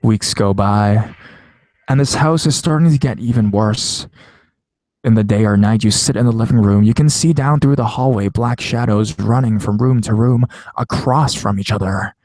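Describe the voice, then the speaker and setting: A man's voice: lowish voice, normal speed, a little mellow, no echo. A man casually reading viewer-submitted scary stories aloud, with a loose, profane, conversational delivery. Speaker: horror story narrator.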